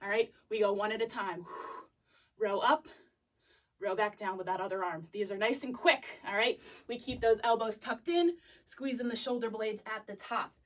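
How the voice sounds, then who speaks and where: A young woman fitness instructor cues a live workout class in a fitness studio, counting out coaching cues while she moves, upbeat but sniffly and out of breath. Her voice is medium in pitch and normal in speed, and it sounds distant from the mic.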